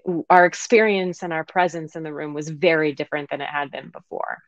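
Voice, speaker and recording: A woman manual therapist speaking as a podcast guest in gentle, reflective conversation, laughing easily. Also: deep voice, fairly even intonation, brisk, dry recording. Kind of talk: casual conversation. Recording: slightly muffled dry sound.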